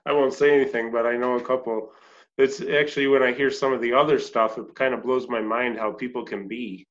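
A man's voice: medium pitch, fairly even intonation, brisk. Man asking questions, dull lo-fi sound. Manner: short encouraging interjections and questions. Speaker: podcast host. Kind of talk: interview.

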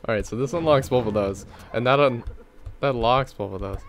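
A man's voice: medium pitch, fairly quick, slight background noise. A man doing gameplay commentary, swearing and getting frustrated at the game. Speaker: let's play gamer.

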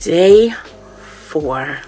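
A woman vlogger unboxes products, gushing and exclaiming as she chats casually with viewers at home and keeps calling them y'all. Her low-pitched voice is warm and animated, though she speaks extremely slowly.

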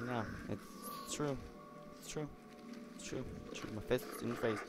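Young guy doing silly slow game commentary, kinda high voice, rambly and yelly. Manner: silly, rambling, bursts into shouts and squeals. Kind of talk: goofy gameplay commentary.

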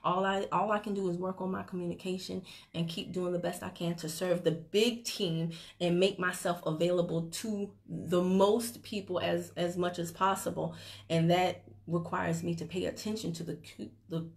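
A woman's voice: on the low side, little pitch movement, normal speed, vocal fry. A woman leading a network marketing team gives a chatty, teasing motivational talk on a phone livestream. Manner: chatty, teasing, breaks into laughter. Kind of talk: motivational Facebook Live talk.

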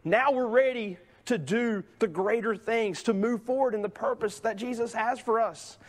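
This very high-pitched man speaks at a normal pace, preaching a sermon inside a church sanctuary. He keeps it conversational, tacking "right?" onto many sentences and performing the quoted voices of the story's characters.

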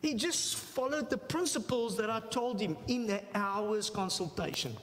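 A man's voice: high-pitched, normal speed, a bit bright. A man giving a church health talk, telling a story animatedly, repeating phrases for emphasis and acting out the dialogue. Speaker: health seminar speaker. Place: church hall. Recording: long hall reverb, faint noise.

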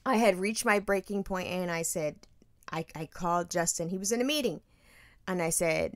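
A woman in her thirties hosting a podcast, telling a story with animated, profane energy. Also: fairly low pitch, moderate pace, no echo. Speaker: podcast host. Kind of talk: casual storytelling chat.

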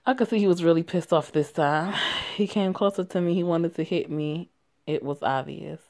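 A woman's voice: on the low side, normal speed, darkish tone. A young woman casually reading a written story aloud, stumbling and correcting herself, swearing and laughing as she goes. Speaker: story reader.

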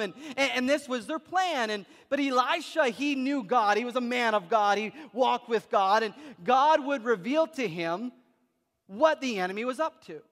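A man's voice: extremely high pitch, moderate pace, a bit bright. A man preaching a sermon as a pastor, telling a story with frequent repetitions and restarts. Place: church hall. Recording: reverberant church hall.

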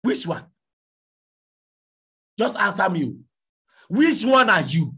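A man preaching a fiery sermon, shouting and pleading, firing questions at his congregation. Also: sits high, big pitch swings, takes it slowly, breathy edge.

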